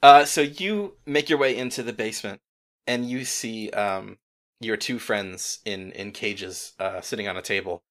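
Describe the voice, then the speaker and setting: A man narrates a tabletop game as its game master, in an easy, chuckling way. His voice is bright and forceful and sits a little low. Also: a little slow.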